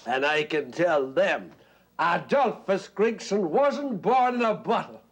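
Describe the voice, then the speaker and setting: An actor playing a drunk, boastful middle-aged Orangeman tenant, swaggering and loud. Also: high voice, animated, slow pace, breathy edge, exaggerated voice. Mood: blustering. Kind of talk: stage play acting.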